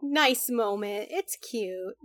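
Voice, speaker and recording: A woman's voice: on the high side, expressive, slow pace, a bit bright. A woman co-hosting a casual podcast, giving opinionated takes and often restarting her words. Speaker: podcast co-host. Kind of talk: casual chat about an anime.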